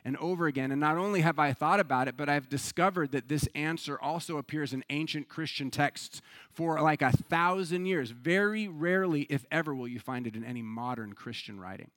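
A male pastor from the United States preaching a sermon, telling a story in an animated, conversational way with rhetorical questions. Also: fairly high pitch, brisk, no room sound.

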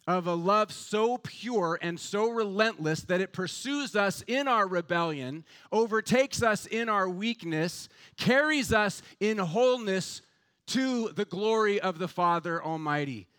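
High-voiced man preaching a fervent sermon. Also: a bit bright. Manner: fervent, building rhetorical emphasis. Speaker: pastor.

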